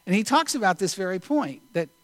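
A male preacher giving a sermon, telling a story in an unhurried, deliberate way with pauses. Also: sits high, big pitch swings, a bit bright, no echo.

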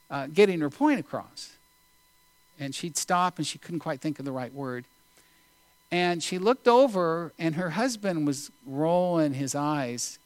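A male preacher giving a sermon, telling a story in an unhurried, deliberate way with pauses. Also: fairly high pitch, dry recording.

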